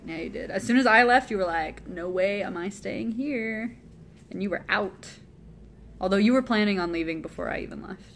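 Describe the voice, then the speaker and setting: A giggly, chatty woman streaming casually from a hotel room, trading quips with her friends at a mid pitch. Her talk is loose and playful. A faint hum of room noise sits underneath. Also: normal speed. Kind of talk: casual chat.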